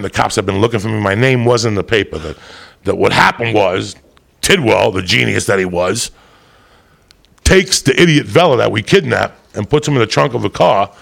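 A man's voice: on the low side, a little fast, fairly bright tone. A man telling a rambling, profane comic story, often laughing as he goes. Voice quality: gravelly.

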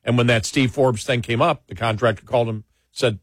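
Male talk radio co-host, mid-pitch, animated storyteller, dry studio sound. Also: no room sound. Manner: animated storytelling, quick asides, frequent restarts. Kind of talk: casual political talk.

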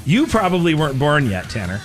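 A man's voice: on the high side, sing-song, a little fast, soft background music. A middle-aged man hosting a radio show, telling stories in a chatty, casual way and laughing often. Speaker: radio host. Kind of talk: casual talk-radio chat.

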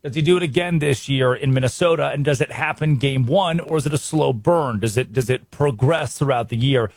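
An American man hosting a sports radio show, brisk and wry, full of rhetorical questions. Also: mid-range voice, a little mellow, no echo. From United States.

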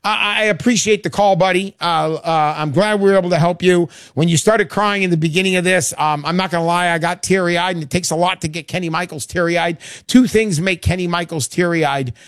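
A man's voice: high-pitched, fairly even intonation, fairly quick, few pauses, a bit bright, clear, resonant tone, dry recording, clean studio sound. A man hosting a call-in radio show, talking in an emphatic, salesy way and repeating words for punch.

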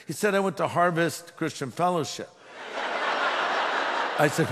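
A man's voice: fairly high pitch, moderate pace, fairly bright tone. A man who is a pastor, preaching a sermon with emphatic delivery and humorous storytelling. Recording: long hall reverb.

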